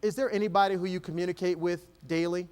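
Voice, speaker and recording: Keynote speaker, male, lively stage talk with a volunteer, a bit higher voice. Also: fast talker, smooth. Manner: energetic, coaxing a volunteer. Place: stage before an audience.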